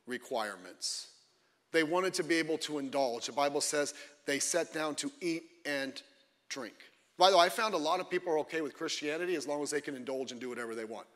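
A man preaching a sermon as a pastor, emphatic and fiery, often breaking off into quick asides. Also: a little high, bright, forceful tone, in a large hall.

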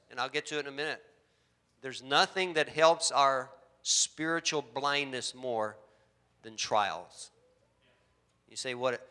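A middle-aged man preaching a sermon, telling stories with lively acted-out voices. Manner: animated storytelling, acts out voices with big pitch jumps. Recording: long hall reverb.

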